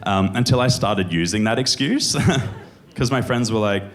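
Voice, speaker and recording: A young adult man doing stand-up comedy on a club stage, telling stories in an animated way and acting out the voices of other people. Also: fairly low pitch, normal speed. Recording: clear crowd noise in a comedy club.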